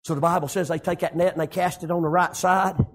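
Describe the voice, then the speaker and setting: A man preaching a sermon, shouting lines and dropping low, with frequent amens. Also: steady tone, fast.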